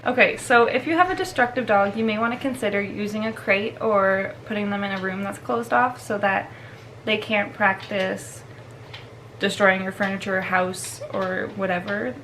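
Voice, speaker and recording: Chatty and filler-heavy, a dog trainer laughs often while explaining steps in her casual vlog. Her mid-range voice has fairly even intonation, a moderate pace and a fairly bright tone, on poor audio with a little hiss or hum.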